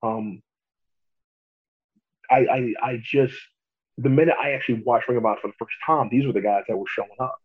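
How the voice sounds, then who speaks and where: A young adult man, a pro wrestler, telling stories in a casual interview, animated and quick to laugh. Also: mid-range voice, slightly rough. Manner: animated, laughs often, acts out quotes. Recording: tinny phone-like line.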